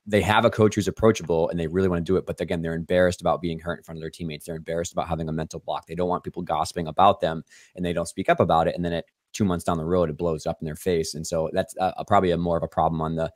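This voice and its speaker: A man's voice: sits low, level tone, no room sound, studio quality. A man hosting a podcast interview, explaining in a casual way with lots of "like". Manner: quick, explanatory, hedging with "like". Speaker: podcast host.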